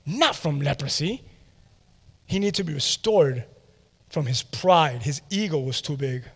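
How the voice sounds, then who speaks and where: A man in his forties preaching a sermon, retelling a story with animated asides to the congregation. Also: on the high side, a little slow, breathy edge, big-room sound. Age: 40s. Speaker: pastor.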